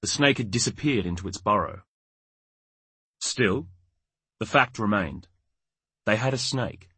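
Low husky male audiobook narrator. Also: lively intonation, measured pace, bright, forceful tone, no echo. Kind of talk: scripted narration.

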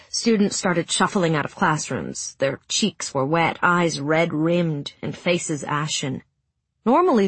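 A woman narrating a story in a hushed, emotive reading that sinks to near whispers, with a breathy voice. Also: lowish voice, no echo. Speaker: audiobook narrator. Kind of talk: scripted narration.

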